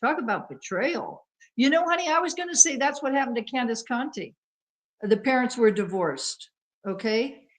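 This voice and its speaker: A woman co-hosting a talk show speaks in a voice on the high side, expressive and at a moderate pace. Her commentary is casual yet earnest and explanatory, and she calls people honey.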